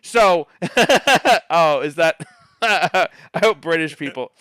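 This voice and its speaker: Bright, crisp-voiced man ranting. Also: fairly high pitch, expressive, drawn-out words, no room sound. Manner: profane, ranting storyteller. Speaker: player. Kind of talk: casual pre-game chat.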